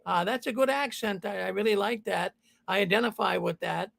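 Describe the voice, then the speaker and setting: A man's voice: high voice, brisk, vocal fry, fairly bright tone. A man hosting a call-in show, rambling and repeating himself. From Boston. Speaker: host.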